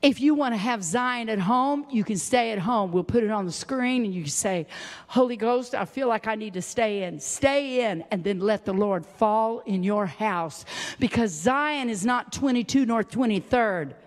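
Woman preacher, higher voice, sermon in a hall with long reverb, shifts between cries and whispers. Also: lively intonation, normal speed. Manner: swings from high exclaiming to hushed whispers. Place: church sanctuary.

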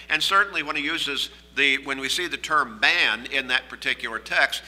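A man preaching a sermon, teaching in a measured way and reading scripture aloud with emphasis. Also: mid-range voice, bright, forceful tone, long reverb tail, poor audio.

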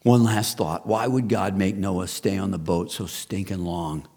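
A man in his fifties, a pastor preaching a sermon, who builds to loud rhetorical questions and then drops low and soft. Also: fairly even intonation, measured pace, breathy edge.

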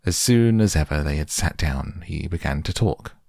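A man narrating a children's storybook aloud in a gentle, unhurried storytelling manner. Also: very deep voice, expressive, creaky, no echo, clean studio sound.

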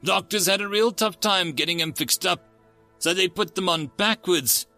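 A man's voice: sits high, normal speed, pushed and bright, faint music behind, voice pushed up. A man voicing a breezy, wisecracking male porpoise alien with a Brooklyn accent in an audiobook story. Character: brash male porpoise alien, laid-back.

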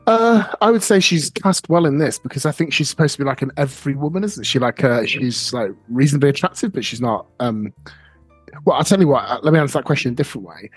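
A man's voice: medium pitch, lively intonation, fast, breathy edge, dry recording, faint music behind. A man co-hosting a podcast, talking films in a reflective, hesitant way with many fillers. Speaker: podcast co-host. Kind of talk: casual film discussion.

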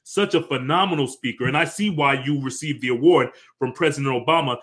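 A man's voice: mid-range voice, brisk, fairly bright tone. A man hosting an interview, speaking earnestly and with admiration for his guest. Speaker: host.

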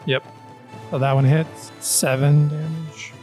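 A man running a tabletop game as game master, calling out rolls and damage in a relaxed way. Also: fairly high pitch, slow pace, faint music behind.

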